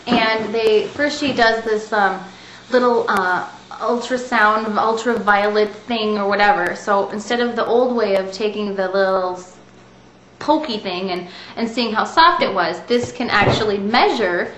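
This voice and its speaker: A woman's voice: mid-range voice, unhurried, fairly bright tone. Woman, thirties, casual vlog storytelling, chatty and rambling, roomy echo. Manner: rambling, chatty, laughs while telling. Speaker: vlogger telling a story. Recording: echoey room with faint hiss.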